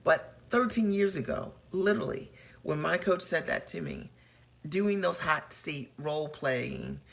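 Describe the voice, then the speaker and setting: A woman's voice: low-pitched, lively intonation, a little slow, creaky. A woman business coach hosting a live broadcast, speaking in an earnest, personal and encouraging way and greeting viewers as they join. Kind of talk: motivational live-stream talk.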